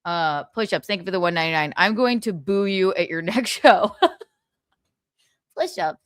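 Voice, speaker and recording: A woman's voice: mid-range voice, expressive, unhurried, clear, resonant tone, no room sound, studio quality. Giggly woman hosting a live chat. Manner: giggly, chatty, laughs often. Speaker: livestream host. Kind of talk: casual chat reading viewer comments.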